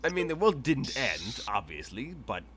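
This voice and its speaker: A man's voice: mid-range voice, big pitch swings, moderate pace, crowd noise. Laughing, joking man running a game. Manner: joking, laughs often, narrates his character. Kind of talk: casual tabletop game chat.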